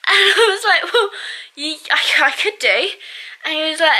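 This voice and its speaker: Bright-voiced woman venting. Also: very high-pitched, measured pace, pauses often. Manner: exasperated venting, laughing in bursts, chatty with many fillers. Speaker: vlogger. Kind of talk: casual storytelling to camera.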